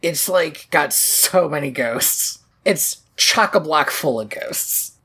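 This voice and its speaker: Lively husky woman recapping a movie. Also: low voice, slow. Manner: animated, laughing, swearing, quoting lines in funny voices. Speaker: podcast co-host. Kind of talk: casual movie recap chat.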